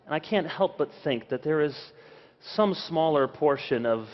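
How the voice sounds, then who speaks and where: High-voiced man telling a sermon story. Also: normal speed, long reverb tail, muffled recording, a little hiss or hum. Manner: animated storyteller, acts out his children's lines. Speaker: pastor. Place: large conference hall.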